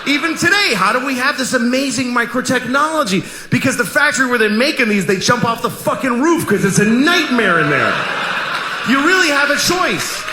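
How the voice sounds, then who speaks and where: A man's voice: very high voice, expressive, a little fast, sharp tone. A man doing a stand-up routine, ranting sarcastically and provocatively to a live audience. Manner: provocative, sarcastic, building rants. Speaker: stand-up comedian. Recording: echoey live venue with noise.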